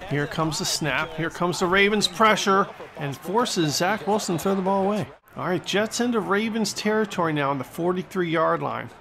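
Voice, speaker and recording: A man giving excitable play-by-play commentary over a football video game, exclaiming at big plays and mocking the other team. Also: high-pitched, normal speed, creaky. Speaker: gaming channel host. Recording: stadium crowd noise from the game behind.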